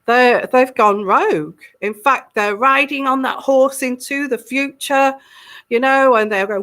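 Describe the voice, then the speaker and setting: A woman with a high, slightly bright voice, speaking a little slowly, gives a live tarot reading. She muses aloud, repeating words and acting out little quotes.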